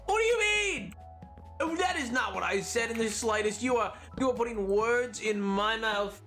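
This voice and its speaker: A man's voice: sits high, moderate pace, fairly bright tone. Man, streamer, casual gaming chat, playful banter, mock-indignant, faint background music.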